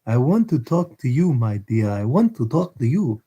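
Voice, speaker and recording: A man's voice: medium pitch, very animated, normal speed, warm tone, breathy edge, muffled recording. A man voicing a fierce old male criminal in a storybook reading, frantic and wheedling by turns. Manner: wheedling, desperate pleading.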